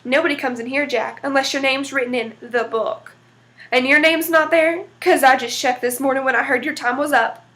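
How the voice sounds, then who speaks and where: A stern, businesslike gatekeeper saint at heaven's door, as a woman reading aloud puts him on. He speaks firmly and plainly, in a fairly high voice. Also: fairly even intonation, moderate pace, a bit bright.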